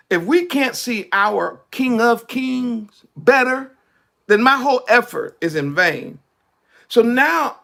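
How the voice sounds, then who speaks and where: A man preaching a conversational sermon, drops his voice low for emphasis. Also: creaky, sharp tone.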